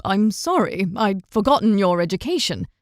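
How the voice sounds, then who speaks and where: A woman's voice: medium pitch, very animated, normal speed, no echo, clean studio sound, lightly acted. A woman voicing a courteous young male knight in an audiobook, speaking politely and with measure. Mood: measured.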